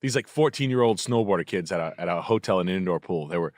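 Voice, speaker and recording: A man in loose podcast banter, rambling through a story with a lively voice that rises and falls a lot. His talk is full of "like" and quoted back-and-forth. The sound is dry and close to the mic. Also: deep voice, fast, no room sound. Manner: rambling storyteller, lots of "like" and "I was like". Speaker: podcast host. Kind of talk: casual chat.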